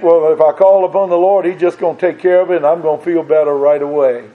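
A man with a high-pitched, warm voice preaches an earnest sermon, repeating phrases and putting direct questions to his listeners. The recording is dull and lo-fi.

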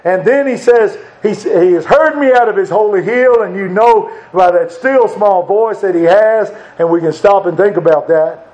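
A man's voice: high-pitched, normal speed, hardly any pauses, a little mellow, highs cut off. A man preaching a sermon in an earnest, conversational way, repeating short phrases for emphasis.

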